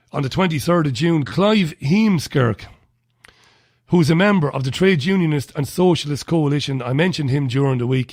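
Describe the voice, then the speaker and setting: A man's voice: a little high, a little mellow, no echo, studio quality. A man with an Irish accent hosting a talk radio show, giving blunt, scornful commentary and reading out listener messages.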